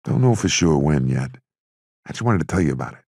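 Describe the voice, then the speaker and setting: A man with a very deep, gravelly voice voicing a blustery, streetwise young male gangster in an audiobook. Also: very animated, brisk, darkish tone, no room sound, studio quality, heavily acted. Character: brash young male Prohibition-era gangster.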